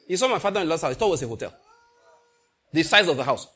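A middle-aged Nigerian man preaching a sermon, telling stories and slipping into pidgin, moving between loud and hushed delivery. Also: on the high side, big pitch swings, rapid-fire, husky. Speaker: pastor. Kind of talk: sermon with storytelling.

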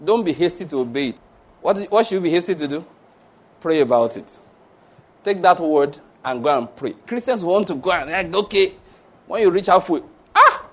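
A man preaching, his voice sitting fairly high for a man. He is lively and playful, slipping into little acted-out exchanges, then turns to steady prayer and blessings spoken line by line for a call and response. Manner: lively, acts out dialogues, laughs often. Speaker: pastor. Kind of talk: sermon and closing prayer.

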